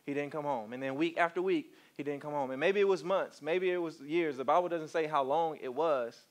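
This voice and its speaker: Man preaching, fairly high voice, animated storyteller who keeps coaxing the crowd. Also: fairly quick. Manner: animated storytelling, coaxes the congregation. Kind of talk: sermon.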